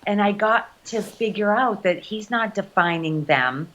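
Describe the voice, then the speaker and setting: A woman from the United States speaking as a guest on a casual video call, earnest and halting, often restarting her sentences. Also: medium pitch, lively intonation, fairly bright tone, dull audio.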